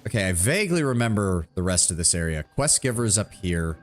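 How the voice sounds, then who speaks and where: Swearing, excitable male game streamer. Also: low-pitched, fast talker, soft background music. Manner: profane, excitable. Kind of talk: casual gameplay commentary.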